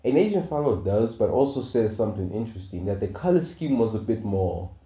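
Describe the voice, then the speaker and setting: A man's voice: fairly low pitch, sing-song, brisk, dark tone. Rambling young man telling a fan story. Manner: rambling, hesitant, with many fillers and chuckles. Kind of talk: casual fan story narration. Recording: dull, roomy home recording.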